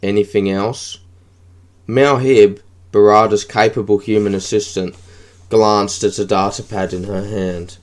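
A man narrating an audiobook in a steady, even reading. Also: lowish voice, unhurried.

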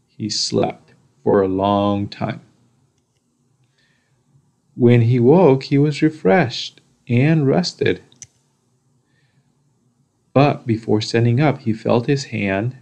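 A man reads a children's storybook aloud at a very unhurried pace. His voice has a gravelly fry, and he lingers over the repeated phrases with pauses. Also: medium pitch, a little mellow. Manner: slow, deliberate, with repetitions and pauses. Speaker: storybook reader.

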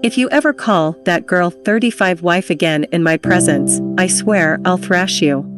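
A woman's voice: on the low side, normal speed, music in the background, natural voice. A woman reading as a cold, domineering rich father. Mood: furious. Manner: hard, cold, threatening. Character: stern wealthy father, older man, domineering.

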